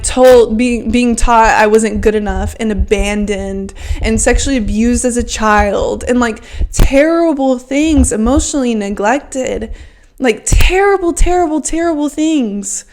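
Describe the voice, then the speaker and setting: A woman in her early twenties giving a fervent, emotional self-help monologue as a podcast host, often saying "like" and swearing freely. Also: a little high. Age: 20s.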